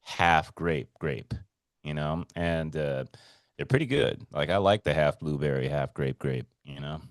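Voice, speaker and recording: A man hosting a podcast, telling a story in an excitable, rambling way with casual swearing and lots of repetition. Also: rumbling low, unhurried, no echo. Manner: excitable, swears freely, repeats himself. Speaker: podcast co-host.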